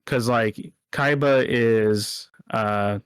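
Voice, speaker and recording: A man's voice: lowish voice, drawn-out words, smooth. A man co-hosting a casual podcast chat, rambling and often correcting himself, laughing easily. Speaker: podcast co-host.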